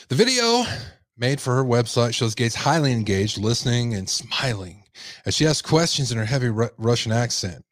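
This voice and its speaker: A man hosting a podcast reads news stories aloud, stopping often for sarcastic comments of his own. His voice sits at an ordinary middle pitch. The recording is dry and close, with no room sound. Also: very animated, moderate pace, dry recording. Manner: sarcastic asides. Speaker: podcast host.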